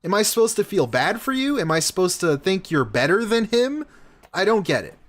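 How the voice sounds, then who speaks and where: Male reaction streamer, angry profane rants, very lively pitch. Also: fairly quick. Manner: angry, swearing, mocking rants.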